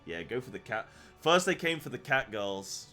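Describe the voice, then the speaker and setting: Male streamer, casual live gameplay chatter, excitable, mid-pitched. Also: moderate pace, faint music behind. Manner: chatty and excitable, talks to his chat. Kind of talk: casual live game commentary.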